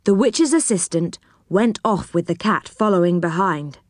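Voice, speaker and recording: A woman reading a children's storybook aloud in a gentle, expressive way. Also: on the low side, moderate pace, no echo, clean studio sound. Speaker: narrator.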